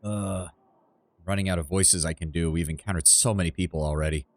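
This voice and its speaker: A man with a deep, low voice chatting casually on a game livestream from home. He thinks out loud, teases himself and keeps restarting sentences as he goes. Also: fairly even intonation, a little fast. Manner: self-deprecating, thinks aloud with restarts. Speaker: game streamer. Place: his apartment.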